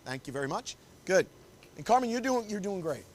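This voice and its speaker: Male photographer-instructor, high-pitched, encouraging, keeps directing poses on a body mic. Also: sing-song, fairly quick. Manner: upbeat, coaxing, directs the couple constantly. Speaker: wedding photographer teaching. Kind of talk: live posing demonstration. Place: confined indoor shooting space.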